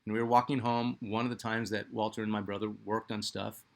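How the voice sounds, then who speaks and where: A man's voice: lowish voice, level tone, brisk, creaky. Man, middle-aged, from Phoenix, sports channel host, casual rambling storytelling, lots of ums and uhs. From Phoenix, Arizona, US. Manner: rambling, conversational, many fillers and restarts. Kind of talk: personal storytelling.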